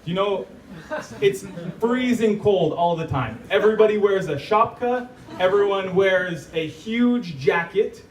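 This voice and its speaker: A man's voice: sits high, expressive, measured pace. An American man speaking to a live audience, chatty and joking, laughing often. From United States. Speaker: guest speaker. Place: event hall. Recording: echoey room, distant mic, faint noise.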